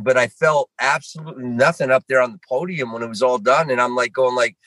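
A middle-aged man from Vermont telling stories as a guest on a casual chat show, animated and swearing freely, acting out what he said. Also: medium pitch, fast talker, hardly any pauses, no echo, rough recording. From Vermont, USA. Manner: animated, swears freely, acts out his own lines. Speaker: guest actor.

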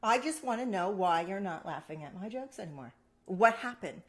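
A woman's voice: medium pitch, normal speed. A woman co-hosting a casual chat show, teasing her partner and telling stories playfully. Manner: playful teasing, animated storytelling with laughs. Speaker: co-host.

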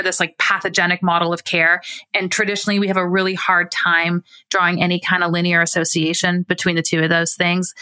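A woman's voice: fairly low pitch, sharp tone, no echo. A woman who hosts an interview and works as a clinician, asking curious, rambling questions full of fillers. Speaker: podcast host and clinician. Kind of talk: conversational interview.

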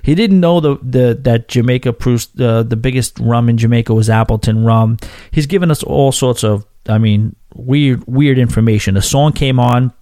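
Mellow-voiced man ranting about a trip. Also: mid-range voice, normal speed, dry recording, studio quality. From New York. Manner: animated, profane ranting with frequent restarts. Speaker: podcast host. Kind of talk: casual storytelling monologue.

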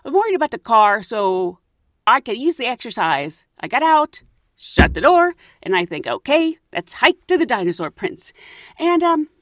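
Lively woman telling a travel story. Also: on the high side, normal speed, no echo, studio quality. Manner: animated, acts out voices, laughs often. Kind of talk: casual travel story to camera.

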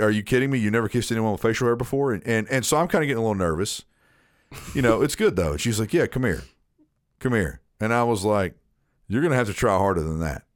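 A man's voice: lowish voice, no echo, clean studio sound. A man telling a long personal story in casual chat, rambling and repeating himself as he acts out what was said.

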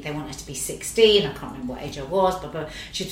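A middle-aged woman, an actress, telling lively anecdotes in casual chat and swearing freely. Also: sits low, fast talker, hardly any pauses, slight background noise. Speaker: actress guest. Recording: roomy echo.

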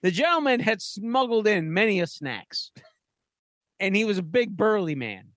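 A man's voice: high-pitched, very animated, normal speed, a bit bright, dry recording, clean studio sound. A man co-hosting a podcast, telling stories in a blunt, profane way. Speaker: podcast co-host. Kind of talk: casual chat.

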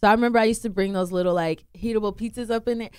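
A woman chatting casually with friends and telling a story, emphatic and expressive. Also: very fast, smooth, no echo, studio quality. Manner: emphatic and expressive, swings her pitch a lot.

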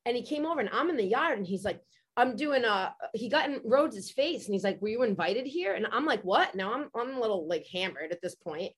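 A woman hosting a podcast, chatting casually and telling stories with lots of energy and plenty of swearing. Her voice sits a bit higher than most. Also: brisk, husky. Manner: animated storytelling, swears freely. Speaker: podcast host. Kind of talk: casual chat.

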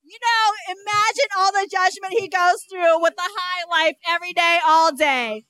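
A woman's voice: very high-pitched, normal speed, pushed and bright, no echo. A woman co-hosting a podcast, chiming in with eager, sincere remarks in casual chat. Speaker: podcast co-host.

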